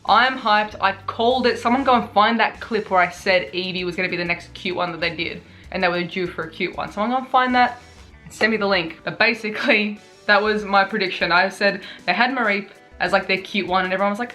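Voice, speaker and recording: A young woman chatting excitedly through gaming news on her vlog, tired after many hours awake. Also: medium pitch, quick pace, faint music behind. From Australia. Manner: bubbly, excitable, chatty with fillers. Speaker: gaming YouTuber.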